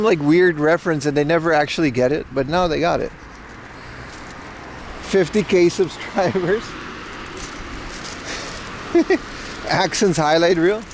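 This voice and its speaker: This high-voiced man is livestreaming outdoors as he strolls city streets, and the background is noisy. His talk is casual, rambling, and opinionated, aimed at answering his chat.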